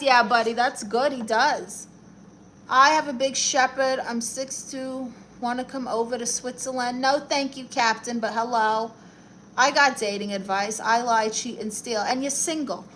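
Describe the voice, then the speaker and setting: A woman's voice: fairly high pitch, a little slow, sharp tone, a little hiss or hum. A woman playing a brash, blunt middle-aged aunt who calls herself a therapist, chatting on a live stream while she colors and reads the chat. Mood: chatty. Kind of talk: improvised character comedy live stream.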